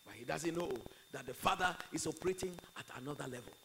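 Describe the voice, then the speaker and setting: A male pastor delivers an impassioned sermon, swinging from loud declarations to quiet asides. His voice sits high and bright with a gravelly edge, and a faint hum runs behind him. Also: quick pace, rough recording.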